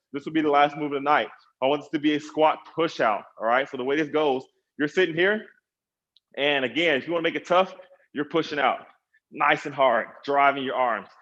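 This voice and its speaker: A man's voice: on the high side, a bit bright, muffled recording. A man, a personal trainer, coaching an online workout class, encouraging people and counting down the reps.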